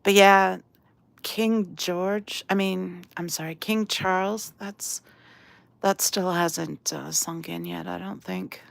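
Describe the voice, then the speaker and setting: A woman's voice: fairly low pitch, steady tone, slow pace, creaky, dry recording. A woman hosting a casual live stream while painting, chatty and self-deprecating, reading chat aloud. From outside England. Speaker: livestream host.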